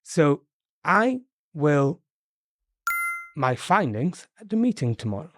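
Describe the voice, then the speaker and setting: A man's voice: on the high side, sing-song, slow pace. A man with a British accent teaching English in a podcast lesson, explaining patiently and encouragingly with frequent fillers.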